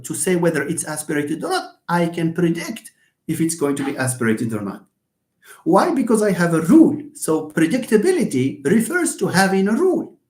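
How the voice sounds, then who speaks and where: A man's voice: fairly high pitch, darkish tone. A man lecturing live, answering his own questions and often repeating words as he thinks aloud. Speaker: university lecturer. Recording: roomy echo.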